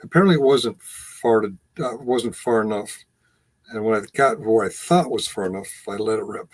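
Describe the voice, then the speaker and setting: A man's voice: fairly low pitch, normal speed. Man laughing through a candid anecdote. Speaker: host. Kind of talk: casual chat.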